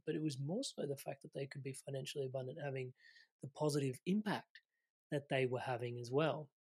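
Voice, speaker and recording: Podcast host guy, kinda husky voice, easygoing and reflective, laughs a bit as he talks. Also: mid-range voice. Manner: reflective, laughs while speaking. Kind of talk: casual conversational interview.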